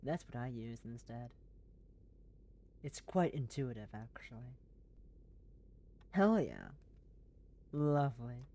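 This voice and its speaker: A game streamer chatting casually on a live stream, rambling and excitable, swearing freely, in an airy put-on voice. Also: mid-range voice, slow pace, long pauses, dull audio.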